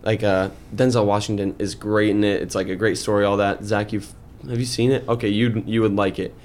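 A man's voice: on the low side, brisk. A young man in his twenties, a podcast co-host, telling a story in casual chat with lots of fillers and rising heat. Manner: animated storytelling, many fillers.

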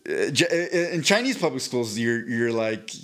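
A man's voice: medium pitch, big pitch swings, moderate pace, fairly bright tone. Rambling, casual male podcast co-host. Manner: rambling, restarts often, swears casually. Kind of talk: casual chat.

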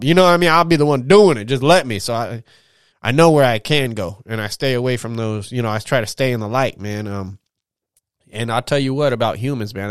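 A man's voice: medium pitch, clean tone, dry recording, clean studio sound. A young man talking casually and frankly on his own podcast, rambling, swearing often and tagging lines with "man". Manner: candid, profane, rambling with drawn-out "man". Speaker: podcast host.

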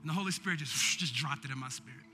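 A man's voice: mid-range voice, fast talker, bright, forceful tone, a little hiss or hum. A man preaching a sermon as pastor, building in intensity, with call-and-response. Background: faint keyboard music.

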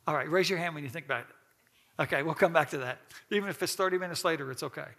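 High, gravelly-voiced man teaching a class. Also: rapid-fire, sharp tone. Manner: folksy, asks the class questions, laughs often.

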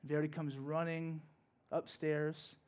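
A male pastor preaching in church, telling a personal story in a conversational way that swings from hushed to loud and emphatic. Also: on the high side, level tone, slow. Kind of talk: sermon told as a personal story.

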